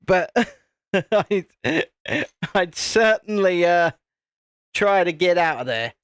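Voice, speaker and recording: British man, high voice, live-stream host, chatty, jokey, dry close sound. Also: lively intonation, slow pace, fairly bright tone, clear, resonant tone, dry recording. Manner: chatty and jokey, laughs often, restarts sentences. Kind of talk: casual chat while building, answering viewer comments.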